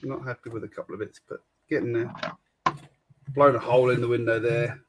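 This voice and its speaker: A man's voice: medium pitch, fairly even intonation, a little fast, heavy background noise. A man hosting a livestream, chatting casually and matter-of-factly while building, with a dry humour. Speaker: host.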